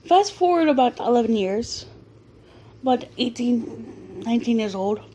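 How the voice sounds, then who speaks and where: A woman in her early twenties telling a personal story to her camera late at night at home, excitable and animated, often restarting her sentences. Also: fairly high pitch, a little slow, a little hiss or hum. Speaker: vlogger. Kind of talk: casual storytelling vlog.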